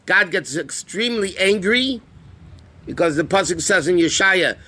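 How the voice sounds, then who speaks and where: A rabbi teaching a live class on Jewish law, explaining terms conversationally and asking the class questions. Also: male voice, high voice, lively intonation, normal speed, sharp tone. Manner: answers student questions.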